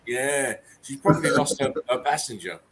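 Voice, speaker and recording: A man's voice: mid-range voice, normal speed, a loud crowd. A man hosting his channel, reading memes aloud and reacting with chuckles and casual swearing. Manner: chuckling, banter-heavy, swears freely. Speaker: channel host. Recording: steady background hiss.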